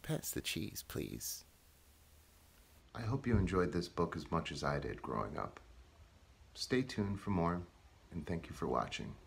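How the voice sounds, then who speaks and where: A man reads a children's storybook aloud in a slow, hushed delivery. His voice is very low, with a gravelly, husky grain. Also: big pitch swings. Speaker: storybook reader. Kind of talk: children's read-along narration.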